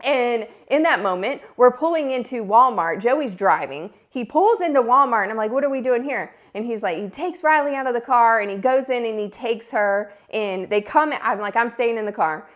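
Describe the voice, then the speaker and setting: A woman in her thirties hosting a podcast, telling a personal story in a casual, animated way. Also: on the high side, normal speed, hardly any pauses. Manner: animated, acts out her own yelling and quotes. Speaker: podcast host.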